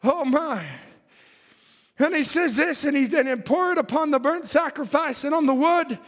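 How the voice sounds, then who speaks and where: A man preaching a fervent sermon, reading scripture aloud and rising to shouts at the peaks. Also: very high voice, normal speed. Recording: long hall reverb.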